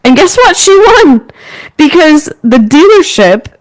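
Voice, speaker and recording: A woman in her twenties co-hosting a casual podcast, telling stories in an animated, chatty way with lots of fillers. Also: high-pitched, measured pace, dry recording, rough recording. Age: 20s. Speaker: podcast co-host.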